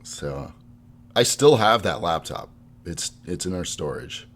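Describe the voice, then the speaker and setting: A man's voice: low voice, animated, measured pace, a bit bright. A man co-hosting a podcast in casual chat, rambling and laughing often. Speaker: podcast co-host.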